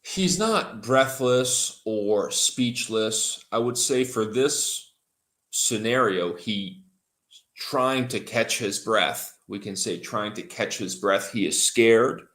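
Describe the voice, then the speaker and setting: A man teaches English on a livestream in a fairly low voice. He talks very slowly and repeats each new word so learners can follow. Keyboard typing is heard in the background. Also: fairly bright tone. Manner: slow, repeats and spells out words for learners. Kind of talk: livestream language lesson.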